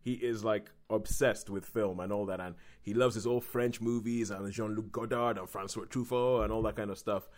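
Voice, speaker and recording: A man's voice: fairly low pitch, steady tone, moderate pace, few pauses, a little mellow. A man hosting a casual chat about films, telling stories and acting out quotes in exaggerated voices.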